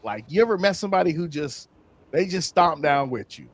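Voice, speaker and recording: A man being interviewed, telling casual stories in a slangy, animated way and acting out other people's lines. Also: fairly high pitch, a little fast. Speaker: interview guest. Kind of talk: casual storytelling.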